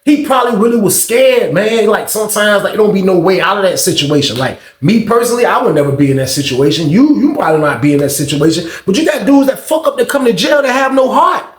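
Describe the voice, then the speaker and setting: A man's voice: high-pitched, very animated, fast talker, hardly any pauses. Profane, rambling young man telling stories. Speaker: storytime vlogger. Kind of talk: casual storytelling. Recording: roomy echo.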